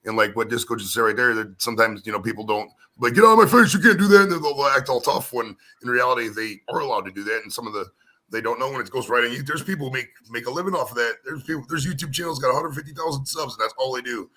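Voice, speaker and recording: A man's voice: mid-range voice, fast, bright, forceful tone. An American man talking casually on a live stream, rambling and repeating words, often tagging sentences with "man". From United States. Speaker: co-host.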